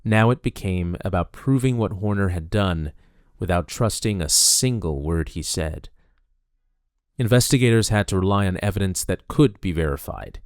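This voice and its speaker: Low, somber male documentary narrator. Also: lively intonation, moderate pace, no room sound, clean studio sound. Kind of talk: scripted narration.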